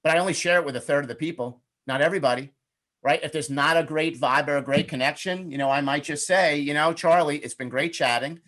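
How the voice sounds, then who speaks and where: A man's voice: on the high side, fast talker, fairly bright tone. Upbeat chatty man coaching on networking. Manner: chatty and upbeat, acts out sample questions. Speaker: webinar presenter, networking coach. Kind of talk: conversational webinar talk.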